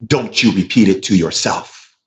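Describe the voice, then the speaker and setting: A man's voice: sits low, moderate pace. A man giving a motivational spiritual talk as a shamanic teacher, emphatic and repetitive like a preacher, openly emotional. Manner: emotional, effusive.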